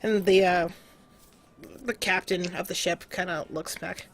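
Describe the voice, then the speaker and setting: A woman's voice: lowish voice, fairly even intonation, measured pace. A woman narrating as game master of a tabletop game, casual and loose, with frequent fillers.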